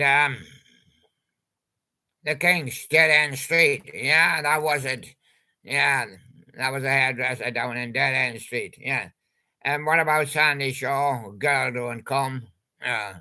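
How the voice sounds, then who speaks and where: A man's voice: mid-range voice, steady tone, slow pace, pushed and bright. An older man, rambling chattily about old pop songs and making jokey wordplay. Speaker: channel host.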